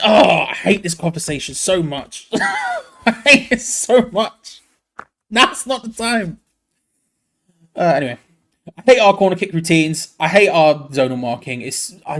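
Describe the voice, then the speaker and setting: A young man doing live fan commentary on a match, excitable and groaning in frustration. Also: on the high side, normal speed. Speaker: fan watch-along host.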